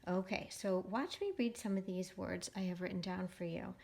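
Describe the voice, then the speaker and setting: A woman's voice: fairly low pitch, vocal fry, warm tone. Patient woman teaching phonics to children. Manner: slow, patient, explanatory. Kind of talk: phonics lesson for young children.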